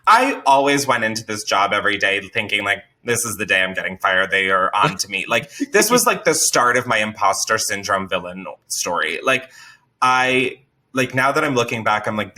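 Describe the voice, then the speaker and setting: A man telling a wild work story in casual chat, animated and full of swearing, breaking into loud shouted impressions. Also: on the low side.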